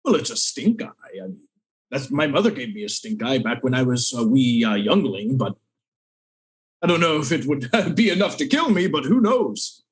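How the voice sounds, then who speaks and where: A man's voice: medium pitch, big pitch swings, normal speed, husky. A man playing a character in a tabletop game, speaking in a formal, theatrical way. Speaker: player. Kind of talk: in-character tabletop role-play.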